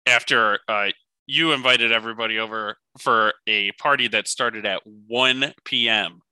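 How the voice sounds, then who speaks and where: A man's voice: fairly low pitch, steady tone, a little slow, pushed and bright, clear, resonant tone, no echo. A man co-hosting a podcast, chatting casually and joking with plenty of laughs. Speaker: podcast co-host.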